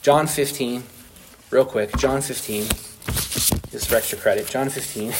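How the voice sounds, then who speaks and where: A man's voice: mid-range voice, slow, background noise. A man teaching an informal Bible study, conversational and asking his group questions.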